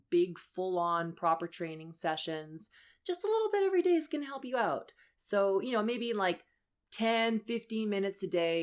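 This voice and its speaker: A young woman voice coach leading a lesson, upbeat and encouraging as she walks through breathing and vocal warm-ups. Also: medium pitch. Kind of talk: instructional voice lesson.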